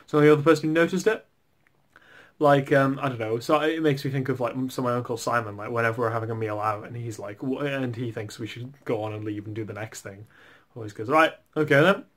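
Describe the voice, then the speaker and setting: A man's voice: mid-range voice, fairly even intonation, fast talker. A young man with an English accent, chatting casually for his video in a rambling way, with "like" in nearly every phrase. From England. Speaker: vlogger. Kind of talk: casual chat.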